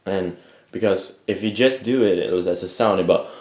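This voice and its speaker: Deep-voiced man on echoey lo-fi webcam. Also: normal speed, a little mellow. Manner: rambling, hesitant, many fillers and restarts, swears casually. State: just woke up. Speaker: vocal tutor. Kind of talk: casual webcam tutorial. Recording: echoey lo-fi home webcam audio.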